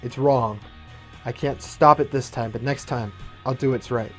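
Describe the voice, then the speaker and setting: A man voicing a remorseful male soldier leader who speaks low and subdued. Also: moderate pace, fairly bright tone, faint music behind, lightly acted.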